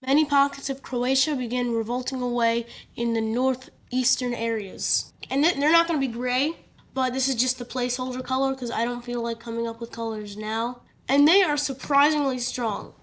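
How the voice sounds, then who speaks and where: A woman talks through an alternate-history map story in a loose, chatty way, with plenty of fillers and joking asides. Her voice sits a little high, and she sounds relaxed and unscripted. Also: moderate pace. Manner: casual, chatty, filler-heavy, jokey asides. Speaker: map video narrator. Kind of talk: casual narrated map story.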